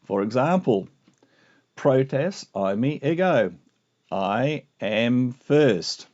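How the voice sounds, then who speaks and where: A man teaching a video lesson on Greek grammar, explaining with lively asides. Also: mid-range voice, very slow. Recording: muffled lo-fi recording.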